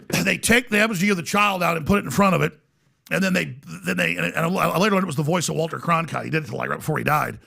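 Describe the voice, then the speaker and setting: A man who is a podcast guest, telling a long story in an animated, rambling way. He restarts often and acts out the voices of other people. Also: on the high side, vocal fry.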